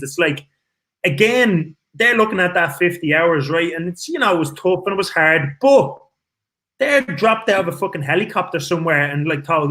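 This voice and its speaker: Guest spot: Irish man, lively swearing storyteller, slightly higher-pitched voice. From Ireland. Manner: swears freely, animated storyteller. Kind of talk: casual storytelling chat.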